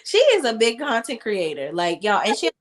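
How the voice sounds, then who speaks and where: A woman from Maryland hosting a casual live chat about a TV show, talking warmly to viewers and laughing often. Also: on the high side, wildly swooping pitch, normal speed. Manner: chatty, laughs often, calls viewers "y'all". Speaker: show review host.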